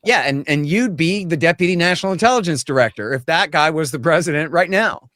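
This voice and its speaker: Man, interview guest, political commentary, blunt, emphatic, higher voice, dry close sound. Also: expressive, a little fast, fairly bright tone, no echo.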